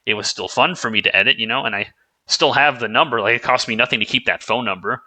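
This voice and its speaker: A man's voice: mid-range voice, quick pace, bright, forceful tone, poor audio. A man talking to his viewers in a casual, rambling vlog, often restarting his sentences and swearing offhandedly. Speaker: YouTuber.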